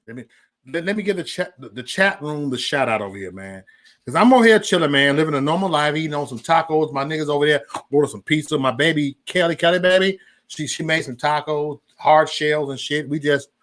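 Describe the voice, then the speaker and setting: Man, livestream host, casual chat; lively, bright and loud, profane, drops to a mumble between bursts. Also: fairly high pitch.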